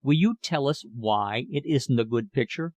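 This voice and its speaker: A man's voice: medium pitch, expressive, moderate pace, a little mellow, no room sound, natural voice. A man reading the part of an aggressive, scornful young male art student in an audiobook. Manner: scornful, heated.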